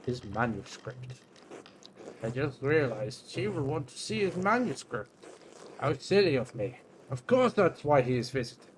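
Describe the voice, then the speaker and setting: Very animated yet measured in pace, a young man's mid-range voice carries over a bit of hiss or hum as he streams a story game. He reads its dialogue aloud playfully and chats casually, swearing and reacting with little gasps and laughs.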